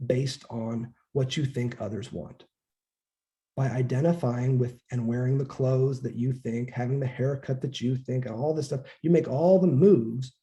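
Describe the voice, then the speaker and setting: Casual lecturing man with a dark voice. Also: medium pitch. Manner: casual, conversational, acts out quoted voices, occasional profanity. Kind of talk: informal lecture.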